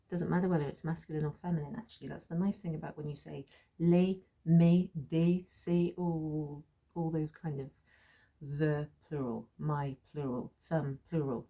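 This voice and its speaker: A woman teaching a French lesson in a relaxed, explaining way, repeating phrases slowly and laughing at her own slips. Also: low-pitched, creaky, breathy edge.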